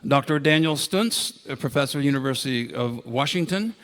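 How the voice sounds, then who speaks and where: A man's voice: medium pitch, animated, brisk, a bit bright. A man in his sixties from Ohio giving a conference talk in a ballroom, telling enthusiastic anecdotes with many fillers. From Ohio, United States. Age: 60s. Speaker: conference speaker.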